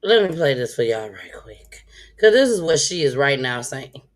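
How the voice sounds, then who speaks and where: A woman's voice: extremely low pitch, very animated, normal speed. A woman hosting a casual live stream, laughing often and greeting her viewers by name. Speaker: live-stream commentary host.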